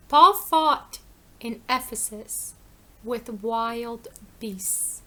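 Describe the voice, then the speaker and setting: A woman's voice: sits high, takes it slowly, gravelly, pauses often, sharp tone. A woman preaching an informal sermon, emphatic and conversational, asking questions and answering them herself and repeating phrases for effect.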